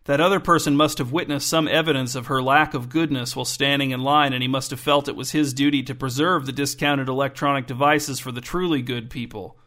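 A man's voice: medium pitch, fairly even intonation, a little fast, few pauses, sharp tone, lightly acted. A man reading the part of a sarcastic, suspicious middle-aged father in an audiobook, his talk growing heated. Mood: wry.

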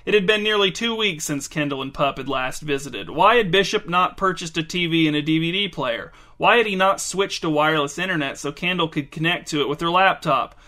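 Male storyteller, dry measured reading, bright slightly high voice. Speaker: narrator. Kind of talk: scripted story narration.

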